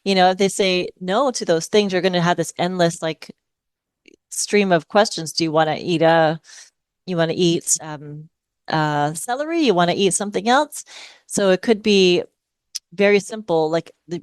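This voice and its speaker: A woman's voice: lowish voice, moderate pace, no room sound. A middle-aged woman from Hawaii, a speech-language pathologist, patiently explaining strategies in a podcast interview. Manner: patient, explanatory, models phrases in a lilting parent voice.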